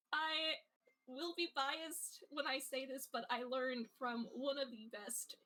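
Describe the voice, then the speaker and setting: A woman's voice: high-pitched, fairly even intonation, slow, bright, forceful tone, heavily acted, low-quality recording. Woman doing a bashful young male cook. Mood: friendly. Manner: laughing, bashful.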